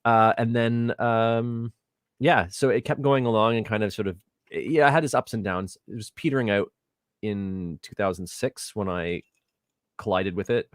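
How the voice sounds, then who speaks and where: A middle-aged man on a video call interview, telling stories in a rambling, self-deprecating, animated way through a home microphone. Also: on the low side, normal speed, no echo, clean studio sound. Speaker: guest, theatre artistic director. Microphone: home USB microphone on video call.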